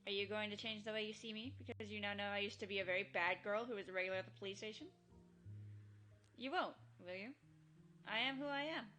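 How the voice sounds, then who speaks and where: Bold teen girl, woman doing it, bright and earnest. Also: mid-range voice, fast talker, soft background music, close to an everyday voice. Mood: pleading. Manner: earnest, rousing. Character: teenage girl, bold, warm-hearted club leader. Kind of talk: visual novel fan dub.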